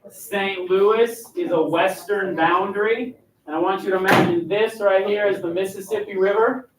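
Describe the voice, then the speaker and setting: A man's voice: high voice, fairly even intonation, moderate pace, noisy background. A male teacher leading his class through a role-play lesson, directing and coaching the students. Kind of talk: classroom instruction. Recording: echoey classroom, mic far off.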